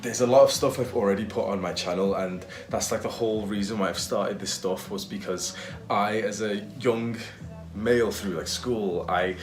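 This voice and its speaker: A young man in his twenties talking casually in a fitness vlog, loose and profane, with lots of fillers. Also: fairly low pitch. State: out of breath after push-ups. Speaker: fitness vlogger.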